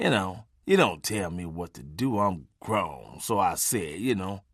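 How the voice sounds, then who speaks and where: A man's voice: fairly low pitch, expressive, normal speed, few pauses, dry recording, clean studio sound. Profane casual comic storyteller, man. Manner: casual, street-talk, punctuated by "man". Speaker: comedian reading his memoir.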